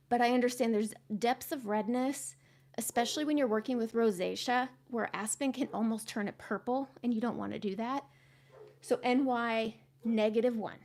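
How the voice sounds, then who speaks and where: A woman's voice: a little high, a little hiss or hum. A middle-aged woman hosting a casual live makeup tutorial, chatting and explaining each step as she goes. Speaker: makeup livestream host.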